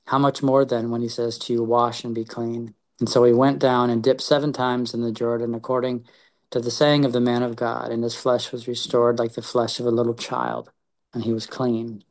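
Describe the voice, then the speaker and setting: A man of ordinary, mid-range pitch reads scripture aloud to a small study group and then thinks it through out loud. His delivery is earnest and unpolished, stalling on words and restarting phrases as he goes. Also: little pitch movement. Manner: halting, with frequent repeated words and restarts. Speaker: Bible study leader. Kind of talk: reading scripture aloud and reflecting.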